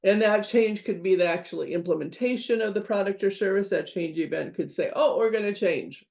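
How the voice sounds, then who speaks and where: A woman's voice: medium pitch, a little fast, gravelly. A middle-aged woman teaching a course, telling a story from her own working life in a chatty way and acting out her own thoughts. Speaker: instructor. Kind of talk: lecture with personal story. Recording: slightly dull lo-fi audio.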